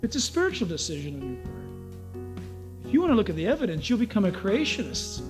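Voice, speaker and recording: A man's voice: sits high, wildly swooping pitch, fairly quick, over music. A man preaching a radio sermon as pastor, emphatic and exhorting, firing rhetorical questions at listeners. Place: Southern California church.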